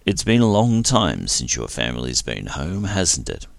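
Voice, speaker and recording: A man voicing a calm, commanding middle-aged starship emissary with a deep basso voice, speaking in a measured, unhurried way. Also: creaky, dry recording, full character voice.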